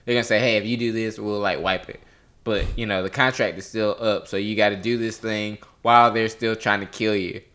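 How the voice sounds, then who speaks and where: A man's voice: lowish voice, a little fast. A man co-hosting a podcast in casual chat, swearing a lot and acting out quotes with energy. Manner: profane, animated, acts out quotes. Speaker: podcast co-host.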